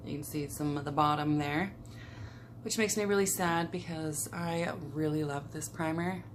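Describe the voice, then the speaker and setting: A young woman beauty vlogger chats in a relaxed way while doing her makeup, talking through each product in a casual get-ready-with-me video. Her voice is low and moderately paced, with a little hiss or hum on the recording.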